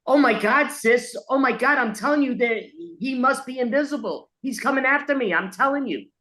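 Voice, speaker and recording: A woman in an improv scene who sounds frantic and panicky. Her voice is high-pitched. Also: normal speed, fairly bright tone. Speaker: improv player.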